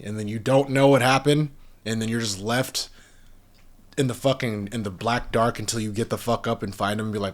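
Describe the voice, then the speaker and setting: A young man with a slightly low voice rants on his podcast in a loose, rambling way. He keeps it heated and swears all the time, and he talks casually. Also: fairly even intonation, fairly quick. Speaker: podcast host. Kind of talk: profane casual podcast rant.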